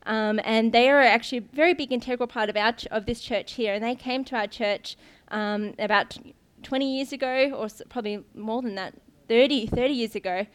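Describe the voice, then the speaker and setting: A woman's voice: fairly high pitch, fairly quick, hardly any pauses, clear, resonant tone. A young woman giving an informal sermon to her church, telling stories in a chatty way with lots of ums and restarts. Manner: chatty, laughs often, many ums and restarts. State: briefly tearful. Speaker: guest preacher, pastor's daughter.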